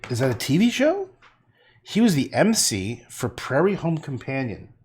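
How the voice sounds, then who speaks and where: A man's voice: a little high, very animated, moderate pace, darkish tone, a little hiss or hum. A man painting on a livestream, rambling, joking and swearing as he talks to his chat.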